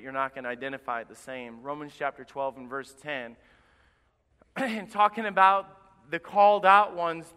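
A man preaching a sermon as pastor, lively and acting out the people he quotes. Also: on the high side, smooth. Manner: animated, acts out quoted voices. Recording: live in a reverberant church.

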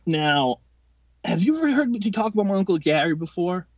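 As a podcast guest, a man in his late twenties tells a long, profane story, rambling and restarting as he goes in a quick-tempered, casual delivery. His high-pitched voice swings widely in pitch, and the recording is dry and lo-fi.

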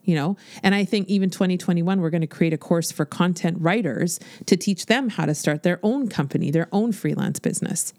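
A woman's voice: on the low side, fairly quick, few pauses, dry recording, studio quality. Blunt, swearing woman podcast coach. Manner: blunt, swears freely, animated. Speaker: podcast host and business coach. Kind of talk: casual motivational podcast monologue.

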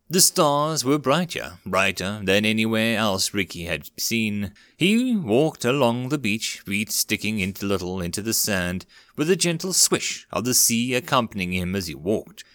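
A man's voice: lowish voice, fairly bright tone, no echo. Man reading a dramatic story, dry sound. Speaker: narrator. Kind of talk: scripted story narration.

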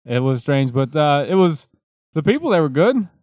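A man's voice: on the high side, big pitch swings, moderate pace, darkish tone, no echo. A man co-hosting a podcast, telling loose stories full of swearing and laughter. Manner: profane, laughing, loose storytelling. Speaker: podcast co-host. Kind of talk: casual banter.

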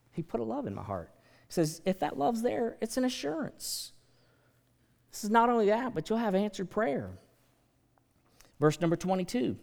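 A male pastor preaching with a lively, swooping delivery, his voice sitting a little high for a man. He moves between hushed asides and loud, emphatic declarations. The sound carries a long reverb, as if from a large church sanctuary. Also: moderate pace, gravelly. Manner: animated preaching, swings from soft to loud. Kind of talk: sermon.

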